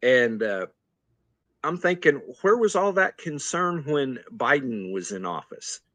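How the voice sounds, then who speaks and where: A man's voice: mid-range voice, sing-song, a little slow, fairly bright tone, no echo. A man co-hosting a casual political talk show with chuckling, easygoing commentary. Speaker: co-host.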